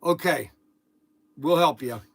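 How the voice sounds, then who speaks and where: Excitable dude chatting in his shop, high voice, keeps exclaiming oh my gosh. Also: slow, breathy edge. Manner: excitable, chatty storyteller with lots of restarts and exclamations. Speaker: channel host. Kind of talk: casual chat in the shop, partly on the phone. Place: workshop.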